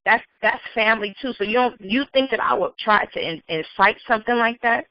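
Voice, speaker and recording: A woman's voice: a little high, brisk, no echo. A woman, a police officer speaking earnestly and emotionally as a guest in a remote interview. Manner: earnest, emotional, plain-spoken. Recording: muffled dry call audio.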